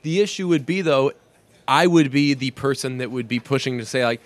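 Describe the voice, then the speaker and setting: A man's voice: medium pitch, a little fast, no echo. Rambling young man co-hosting a podcast. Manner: rambling, laughs often while telling stories. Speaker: podcast co-host. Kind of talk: casual chat.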